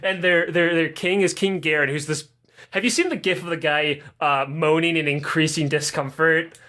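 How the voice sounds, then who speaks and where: Brief: male podcast co-host, high-pitched and bright, swears constantly while he rambles. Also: moderate pace. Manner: rambling, profane, animated recap. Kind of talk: casual chat.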